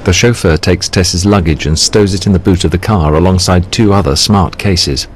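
A man reading scripted audio description in a calm, even manner. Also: deep voice, normal speed, slight background noise.

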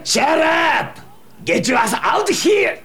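An actor playing a cheerful, chatty sushi chef who speaks broken English with a Japanese accent. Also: male voice, mid-range voice, huge pitch swings, slow pace, slightly rough, full character voice. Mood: angry. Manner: broken English, jovial and teasing, bursts into yelling. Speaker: sushi bar owner.

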